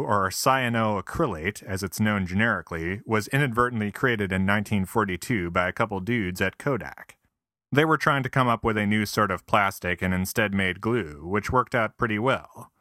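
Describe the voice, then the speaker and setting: A man reads a scripted comic essay in a wry, self-deprecating way, full of mock-earnest asides. His voice sits a little low but has a bright, forceful edge. The recording is close and dry. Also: no echo. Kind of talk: scripted comedic narration.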